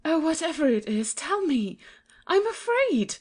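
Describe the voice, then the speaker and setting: Snow White, a high sweet girlish princess voiced by a woman. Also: big pitch swings, a little slow, a little mellow. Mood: pleading. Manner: innocent, pleading. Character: gentle trusting young girl princess. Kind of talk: dramatized audiobook reading.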